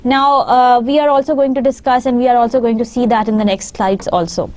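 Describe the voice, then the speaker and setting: A woman's voice: on the high side, steady tone, fairly quick, a little mellow. A woman lecturer teaching a class from slides, talking with frequent fillers and repeated phrases. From Pakistan. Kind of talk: online lecture over slides.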